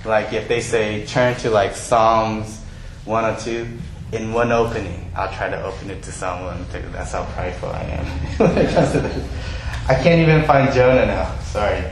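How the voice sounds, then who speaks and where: A man preaching a sermon, telling Bible stories in a lively way and acting out the characters' lines. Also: on the low side, normal speed, slight background noise. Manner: animated storytelling, acts out quoted voices. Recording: very echoey hall, faint ambience.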